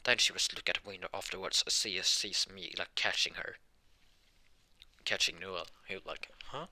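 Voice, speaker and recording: Tired young guy rambling through a fan story, lowish voice but super bright, lots of restarts. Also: steady tone, moderate pace. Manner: rambling, hesitant, many restarts. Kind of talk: improvised fan story narration.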